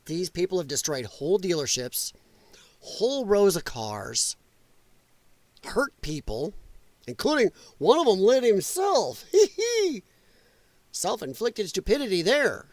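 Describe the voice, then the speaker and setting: Sarcastic high-voiced male commentator. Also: huge pitch swings, slow, long pauses, no echo. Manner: sarcastic, mocking, swears freely. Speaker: podcast host reacting to clips. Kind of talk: political commentary over clips.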